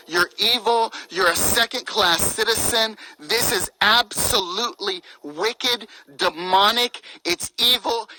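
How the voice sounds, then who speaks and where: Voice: mid-range voice, sharp tone, no echo, poor audio. Fervent, indignant preaching voice. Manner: fervent, indignant, piles up rhetorical questions. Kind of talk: impassioned preaching monologue.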